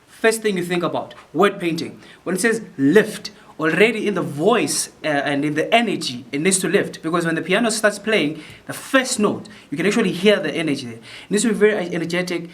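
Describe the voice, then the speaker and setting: A man's voice: on the high side, lively intonation, normal speed, a bit bright. A man conducting a choir rehearsal, explaining phrasing and sometimes singing lines to demonstrate, with many restarts and fillers. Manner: repeats words while thinking, many fillers. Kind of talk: choral rehearsal instruction. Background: piano.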